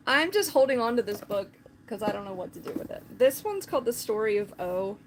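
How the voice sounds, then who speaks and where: A woman's voice: a little high, very animated, normal speed, slight background noise. A woman chatting casually on a live stream, rambling with lots of filler words.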